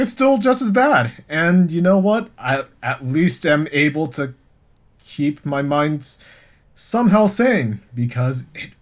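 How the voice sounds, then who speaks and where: A man co-hosting a casual podcast chat, rambling and full of filler words. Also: on the high side. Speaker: podcast co-host.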